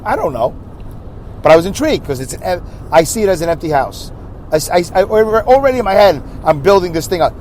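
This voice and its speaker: A man's voice: fairly high pitch, a little mellow, slight background noise. A man with a New York accent from Brooklyn, hosting a podcast in a rambling, chatty way, correcting himself and going off on asides. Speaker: podcast host. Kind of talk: casual solo podcast chat.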